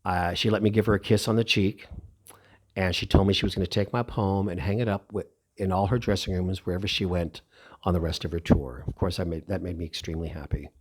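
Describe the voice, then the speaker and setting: A middle-aged man telling a personal story in a lively, heartfelt way. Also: low voice, brisk, husky. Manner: animated, emotional, lively retelling.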